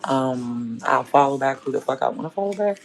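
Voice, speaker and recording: Gravelly-voiced woman, blunt and cussing. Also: extremely low pitch, lively intonation, brisk, rough recording. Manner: blunt and profane, scolding and rambling. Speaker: home cook and food vlogger. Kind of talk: casual livestream chat while cooking.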